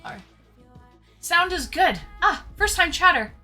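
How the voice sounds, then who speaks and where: A woman's voice: very high voice, sing-song, a little slow, pushed and bright. A woman live-streaming, chatting casually with her viewers, greeting them by name and laughing a lot. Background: faint background music.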